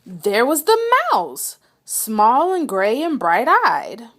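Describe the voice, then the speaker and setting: Expressive woman reading a picture book. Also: a little high, takes it slowly. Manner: expressive, dramatic storytelling. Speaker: read-aloud reader. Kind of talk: children's storybook read-aloud.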